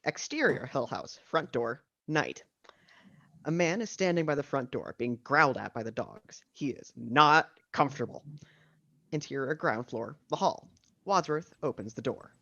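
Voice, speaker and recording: A man narrating the stage directions of a screenplay at a casual video-call table read, with steady reading and dry asides. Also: medium pitch, moderate pace, creaky, no room sound, lo-fi sound.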